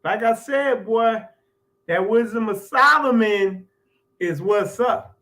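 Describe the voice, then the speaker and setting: A man's voice: sits high, takes it slowly, bright, forceful tone, poor audio. A man hosting his own show, talking in a loose, chatty commentary monologue with laughs and filler phrases. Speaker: host.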